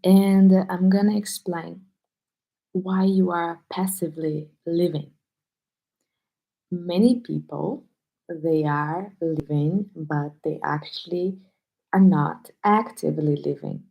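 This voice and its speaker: A woman teacher on a live stream, speaking low and hushed at home so she won't wake people sleeping nearby. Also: steady tone, slow, creaky, muffled recording.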